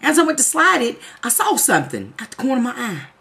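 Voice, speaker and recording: A woman tells a story to her viewers in a casual vlog, swearing freely and playing it for laughs. Her voice sits fairly high and swings widely up and down as she talks. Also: fast, creaky. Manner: animated, profane, comic storytelling. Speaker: vlogger.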